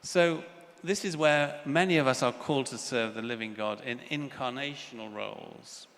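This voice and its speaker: An older man delivers an earnest plenary lecture in a large conference hall, weaving in stories and putting on child voices. His mid-range voice moves at normal speed and sounds a bit bright, with reverberation and faint ambience in the recording.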